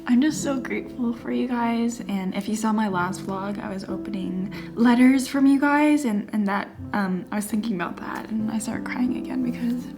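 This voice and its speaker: A young woman chatting casually to camera in her home studio, often dropping into a soft whisper. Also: fairly high pitch, normal speed, hardly any pauses, music in the background. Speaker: vlogger. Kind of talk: casual vlog chat.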